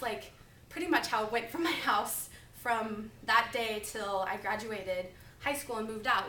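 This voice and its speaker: Recorded from afar in an echoey classroom with a faint hiss or hum, a woman in her twenties preaches a topical sermon as a student. Her slightly high voice stays lively and talkative as she tells personal anecdotes, leaning constantly on "like."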